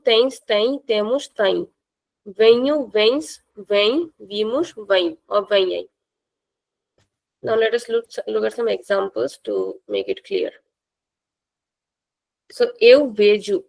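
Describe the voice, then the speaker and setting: Slow, patient woman language teacher. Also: a little high, creaky, darkish tone, poor audio. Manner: slow, patient, repeats words for students. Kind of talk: online class teaching.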